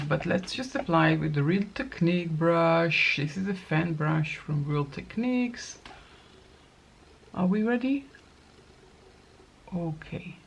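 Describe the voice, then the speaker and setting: A middle-aged woman with a low, gravelly voice talks through her makeup in an unhurried way. It is a casual get-ready-with-me chat in which she thinks aloud as she works. A faint hiss sits behind her. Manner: chatty, thinking aloud while applying makeup. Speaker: makeup vlogger.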